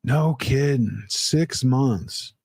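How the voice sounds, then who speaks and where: A man's voice: medium pitch, very slow, vocal fry, darkish tone, husky, no echo. A man hosting a casual livestream, reading out chat comments in a rambling, playful way with lots of fillers. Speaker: livestream host.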